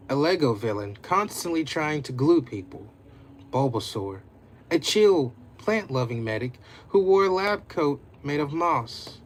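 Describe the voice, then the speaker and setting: Slow, higher-voiced man reading a story. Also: a little hiss or hum. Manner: casual, unpolished, stops to comment on his own reading. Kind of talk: casual reading of a homemade story.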